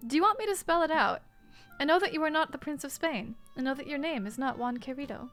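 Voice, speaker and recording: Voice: high voice, expressive, quick pace, fairly bright tone, soft background music. A woman voicing a firm defense lawyer who speaks bluntly and without nonsense. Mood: stern.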